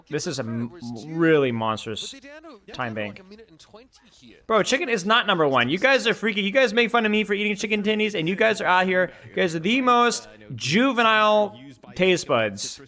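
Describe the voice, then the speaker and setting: A young man hosting a live co-stream, trading animated jokes with his chat between reads of the match. His voice is bright and slightly high for a man. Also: moderate pace. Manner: animated, joking, talks straight to chat. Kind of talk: casual live-stream commentary and chat banter.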